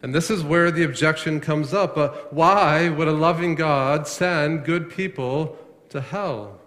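A man's voice: on the high side, unhurried, a bit bright. A man preaching a sermon as a pastor, asking the congregation questions and answering them himself, often repeating words for emphasis. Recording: long echo of a large hall.

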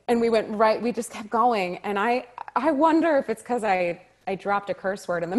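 A woman actor telling a story as an interview guest, animated and quick to laugh, acting out the lines she quotes. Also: medium pitch.

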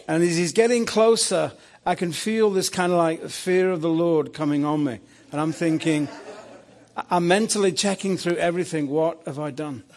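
A preacher telling a dream story in a sermon, animated, with stammers and restarts. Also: male voice, a little high, moderate pace.

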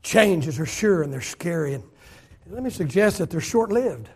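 A middle-aged pastor preaches with a strikingly high voice for a man. He swings from loud, shouted emphasis down to soft, hushed asides. He stretches key phrases out slowly to press them home. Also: lively intonation, breathy edge. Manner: drawn-out, slowed phrases for emphasis. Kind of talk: sermon.

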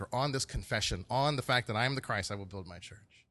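A man preaching a sermon in an animated way, often acting out quotes in playful voices. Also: medium pitch, a little fast. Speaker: pastor.

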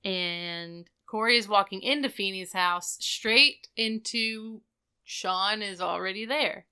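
A woman on a podcast chats through a TV episode recap, full of "like" and little asides. Her voice is bright and crisp, and it carries clearly. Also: mid-range voice, takes it slowly. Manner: chatty, lots of "like" fillers, acts out characters' lines. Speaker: podcast co-host.

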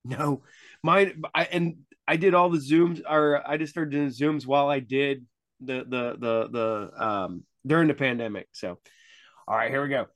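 A man's voice: mid-range voice, a little slow, no echo, studio quality. A man hosting a podcast interview in an easygoing way, laughing often and stumbling over restarts. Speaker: podcast host. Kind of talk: casual interview chat.

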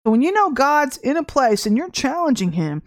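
A middle-aged woman with a fairly high voice tells a personal testimony as a livestream sermon. She is animated and chatty, laughing and acting out what people said. The sound is dry and close to the mic. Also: normal speed, no room sound. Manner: animated storytelling with laughs and acted quotes. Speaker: livestream minister.

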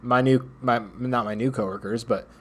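A young man co-hosting a casual comedy podcast, speaking in a dry, halting, self-deprecating way. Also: medium pitch, steady tone. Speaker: podcast co-host.

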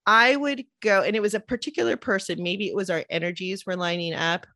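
Woman host, casual chatty storyteller, mid pitch, dry close mic. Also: a little fast, bright, forceful tone, dry recording. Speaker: podcast host. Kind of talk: casual interview chat.

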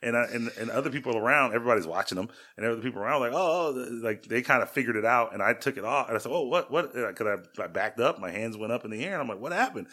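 A man's voice: medium pitch, very fast, few pauses, bright, forceful tone. A man in his thirties, a podcast co-host, telling self-deprecating stories in a rambling casual way with lots of restarts. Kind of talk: casual storytelling chat.

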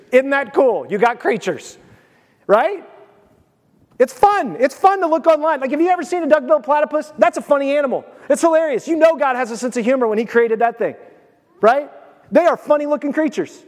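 Excitable high-voiced preacher in a hall. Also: male voice, fairly quick. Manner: animated, excitable preaching with sudden swings in loudness. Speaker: pastor. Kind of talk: sermon. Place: church sanctuary. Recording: long reverb of a church hall.

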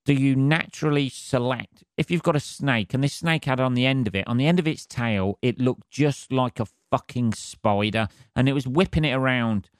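A man's voice: medium pitch, moderate pace, few pauses, dry recording. A man riffs alone on his podcast, swearing freely and keeping a wry, rambling tone. His voice sits mid-range for a man. It is recorded close on a mic, dry and with no room around it. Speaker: podcast host. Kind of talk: rambling comic monologue.

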